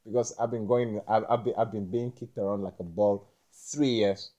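A young man talking in a rambling monologue, halting and repeating himself, with frequent swearing. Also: lowish voice, steady tone, warm tone, dull audio.

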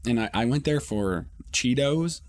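A man's voice: mid-range voice, animated, a little slow. A man in a mid-range voice hosts his podcast alone, telling a story in a loose, casual monologue. He rambles, swears freely and often restarts his sentences. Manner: rambling and profane, with many restarts. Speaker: podcast host.

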